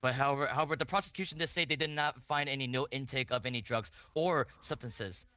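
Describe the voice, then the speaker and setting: A man playing a defense lawyer in a role-play court, cross-examining a witness in halting phrasing with many restarts and repeated questions. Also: medium pitch, pushed and bright, no room sound.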